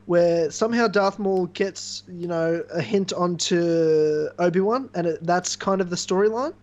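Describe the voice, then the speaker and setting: A man's voice: high voice, unhurried, a little mellow, dull audio. A man in a casual podcast chat who teases the others and keeps firing off questions. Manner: teasing, fires off questions. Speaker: podcast guest.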